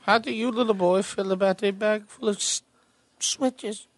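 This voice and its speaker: A man putting on a threatening German-accented Santa Claus in a radio comedy sketch, shouting between laughs. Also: high voice, fairly even intonation, normal speed, a little hiss or hum, pitched below the performer's own voice, close to an everyday voice. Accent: German (put on).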